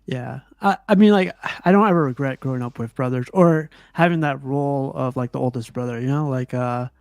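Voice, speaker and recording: A man hosting a casual movie review chat, talking loosely with plenty of "like" fillers and quick laughs. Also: mid-range voice, clean tone, no echo. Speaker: host of a movie review show.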